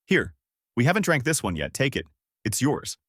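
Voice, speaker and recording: A man voicing a laid-back adult pirate captain who talks casually and breaks into shouting. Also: mid-range voice, very animated, normal speed, no room sound, clean studio sound. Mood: easygoing.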